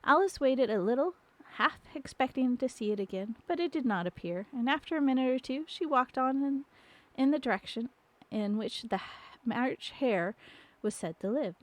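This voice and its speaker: A woman reading a storybook aloud on a live stream, unhurried, with small slips and restarts. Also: sits high, lively intonation, no room sound. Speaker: storybook narrator.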